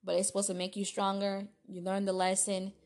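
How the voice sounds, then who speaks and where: A woman's voice: medium pitch, monotone, a little fast, darkish tone. A woman hosting her own solo podcast, talking in a chatty, self-deprecating way with restarts. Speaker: podcast host. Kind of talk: casual solo podcast talk.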